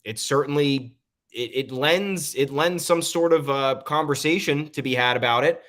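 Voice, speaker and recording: A man's voice: a little high, normal speed, a bit bright. A man co-hosting a casual sports podcast, opinionated and leaning on frequent "um" fillers. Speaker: podcast co-host.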